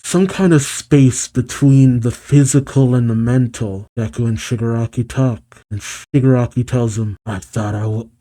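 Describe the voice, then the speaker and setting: A man's voice: mid-range voice, a little slow, hardly any pauses, mellow. A man reading a manga chapter aloud as a reaction host, narrating panels with brief reactions.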